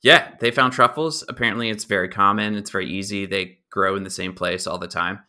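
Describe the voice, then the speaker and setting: A young man co-hosting a podcast, explaining film history in a relaxed, informative way with a dry sense of humor. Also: on the low side, brisk. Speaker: podcast co-host. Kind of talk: casual movie review chat.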